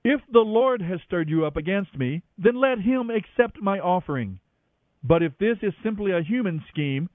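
A man's voice: high voice, no room sound, pitched above the performer's own voice. A man voicing an impassioned young warrior, raised and pleading. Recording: dry, tinny phone-like radio sound.

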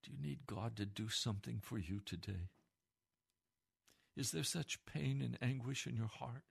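Male preacher, gravelly, mid-pitched, impassioned sermon delivery. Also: moderate pace. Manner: impassioned, swings from hushed to pleading.

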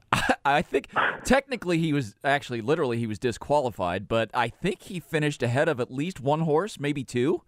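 A man's voice: fairly high pitch, big pitch swings, normal speed, no echo. Easygoing male radio host, chatty, laughs easily, dry close sound. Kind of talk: casual radio interview.

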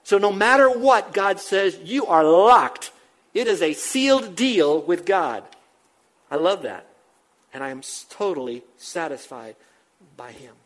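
An older man preaching a sermon, emphatic, rattling off repeated words quickly and then dropping to a hush. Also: mid-range voice. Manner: emphatic, with fast repeated phrases and sudden drops to a hush. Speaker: pastor.

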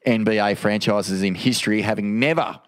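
A man's voice: on the low side, brisk, no room sound, studio quality. A man hosting a podcast in casual chat, laid-back and playful, swearing freely. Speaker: podcast host.

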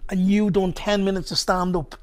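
A man's voice: high-pitched, level tone, moderate pace, crowd noise. A man with a Dublin accent, a comedian telling stories as a podcast guest in a loose, rambling way. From Ballymun, Dublin, Ireland. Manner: rambling, loose, with many asides. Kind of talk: conversational storytelling.

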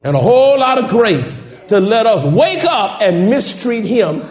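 A man preaching a sermon in a church, calling out to the congregation and rising to shouts. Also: high voice, very animated, measured pace, roomy sound.

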